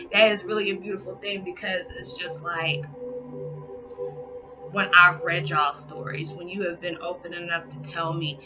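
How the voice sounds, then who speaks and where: A woman's voice: lowish voice, steady tone, normal speed. A woman vlogger talking earnestly to her viewers, encouraging and spiritual, often saying y'all. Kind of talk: heartfelt casual talk to viewers. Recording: dull lo-fi sound with music behind.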